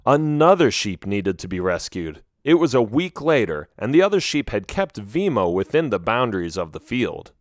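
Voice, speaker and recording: A man reading a first-person children's animal story aloud with an expressive, animated delivery. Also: lowish voice, moderate pace, hardly any pauses, no echo, studio quality. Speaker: audiobook narrator.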